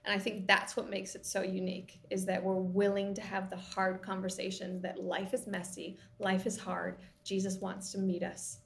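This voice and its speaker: A woman producer being interviewed, talking eagerly and fluently, now and then restarting a phrase when she gets excited. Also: mid-range voice, normal speed, creaky, hardly any pauses. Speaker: TV series producer, interview guest. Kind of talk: conversational interview.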